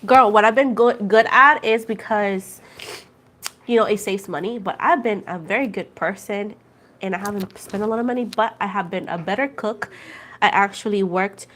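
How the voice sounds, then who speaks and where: Speaking at normal speed over slight background noise, a woman doing a tarot livestream chats casually with viewers she calls "guys" and "girl." Her pitch is ordinary and middle, and she tells animated anecdotes, going back over every point twice.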